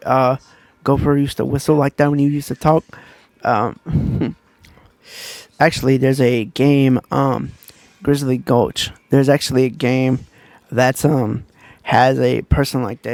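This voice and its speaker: Gravelly man rambling through a book review. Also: mid-range voice, steady tone, unhurried, a little mellow, no echo. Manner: rambling, loose and conversational. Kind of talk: casual plot retelling.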